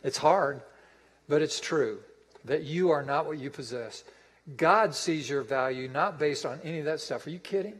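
A man's voice: on the high side, normal speed, husky, big-room sound, low-quality recording. A man preaching a sermon as pastor, emphatic and repeating his phrases for effect.

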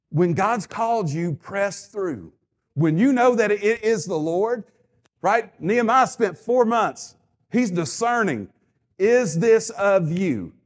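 High-voiced man preaching emphatically. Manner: emphatic, repetitive preaching with call-and-response. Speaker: pastor. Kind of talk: sermon.

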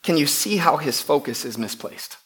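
Emphatic male preacher, fairly high voice. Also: expressive, normal speed. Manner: emphatic, repeats words, shifts between loud and hushed. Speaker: pastor. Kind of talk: sermon.

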